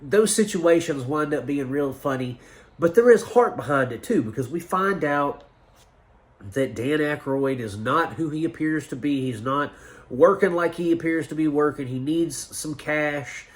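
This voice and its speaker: A man's voice: fairly high pitch, a little slow. A man casually reviewing a movie for his channel, enthusiastic and rambling, with lots of fillers and restarts.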